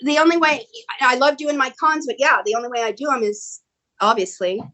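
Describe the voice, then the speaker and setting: This middle-aged American actress talks a little fast against background noise as a video-call guest. Her casual storytelling is animated, with quoted lines acted out in a high voice.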